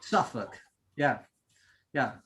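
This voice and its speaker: A male hypnotherapist leading a group hypnosis session over a video call, slow and soothing, with repeated suggestions. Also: mid-range voice, lively intonation, fairly bright tone, slight background noise.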